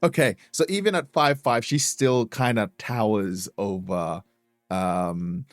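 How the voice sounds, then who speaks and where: Low-voiced man narrating as game master. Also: takes it slowly, no room sound, studio quality, soft background music. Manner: hesitant, full of fillers.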